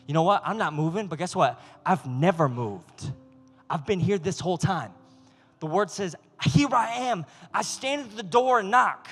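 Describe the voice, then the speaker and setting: Brief: male youth pastor, lively sermon, high voice, long hall reverb. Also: normal speed, soft background music. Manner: animated, acts out voices of God and people.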